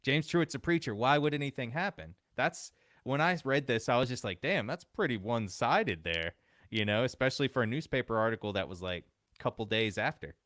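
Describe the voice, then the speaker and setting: A man's voice: medium pitch, lively intonation, fairly quick, a bit bright, dry recording, studio quality. A man co-hosting a podcast, reading an old newspaper account aloud and then chatting about it loosely. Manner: reads old newspaper text, then chats loosely with laughs. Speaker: podcast co-host.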